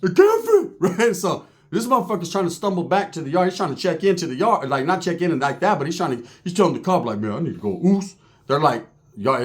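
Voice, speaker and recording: Animated, profane male storyteller. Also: on the high side. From California. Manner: animated, crude, acts out other people's voices. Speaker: former prisoner telling a story.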